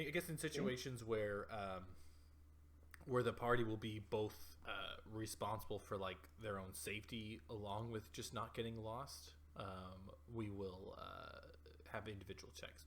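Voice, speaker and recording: A man's voice: lowish voice, a bit bright, a little hiss or hum. A man running a tabletop game as dungeon master, explaining rules hesitantly with many fillers.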